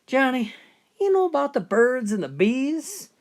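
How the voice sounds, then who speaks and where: A woman's voice: sits high, sing-song, a little slow, a little mellow, pitched above the performer's own voice, full character voice. A woman voicing an exasperated middle-aged father who pleads with his son.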